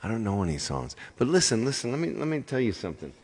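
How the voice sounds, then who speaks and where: A man's voice: medium pitch, big pitch swings, fast, a little mellow, breathy edge, long reverb tail. A man chatting casually with viewers between songs on his livestream, rambling and apologetic as he talks. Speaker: live-stream singer.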